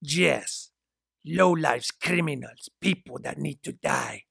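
A man reading a story aloud, voicing a calm, menacing male captor who mocks and chuckles darkly. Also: fairly high pitch, slow, no echo, studio quality, heavily acted. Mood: cold. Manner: smooth, mocking, chuckles darkly.

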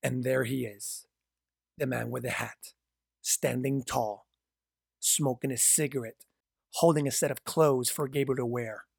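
A man narrating a dark story in a measured, descriptive reading. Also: mid-range voice, steady tone, creaky, breathy edge, dry recording, clean studio sound.

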